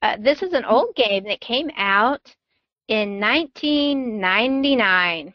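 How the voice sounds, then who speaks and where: A woman's voice: on the high side, lively intonation, slow, no echo, highs cut off. A woman hosting a podcast in casual chat, playful and enthusiastic. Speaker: podcast host.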